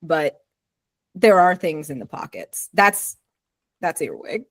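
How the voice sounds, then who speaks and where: A woman's voice: lowish voice, expressive, slow pace, a bit bright, dry recording. A woman player in a tabletop game, playfully and animatedly describing her character in casual chat.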